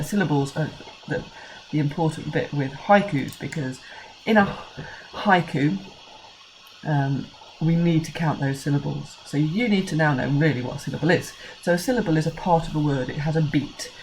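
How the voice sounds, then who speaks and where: Low-voiced English teacher explaining patiently. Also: female voice, darkish tone, slight background noise, rough recording. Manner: slow, clear counting of syllables for children. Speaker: primary school teacher. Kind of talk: recorded screencast lesson.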